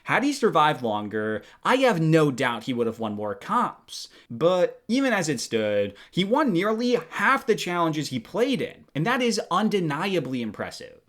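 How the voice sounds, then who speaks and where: A young man hosting a video, reading a scripted countdown commentary in a lively, animated way. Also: a little high, unhurried, hardly any pauses. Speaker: video host.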